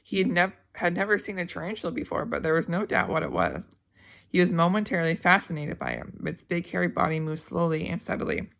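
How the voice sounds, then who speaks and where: A woman reads a novel aloud at a steady pace, with small slips and restarts. Her voice has a gravelly edge. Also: lowish voice, fast. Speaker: audiobook reader.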